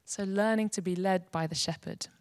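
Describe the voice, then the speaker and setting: A woman's voice: medium pitch, steady tone, normal speed, no room sound, studio quality. Earnest woman giving a devotional teaching. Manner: earnest, gentle explaining. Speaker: Bible teacher.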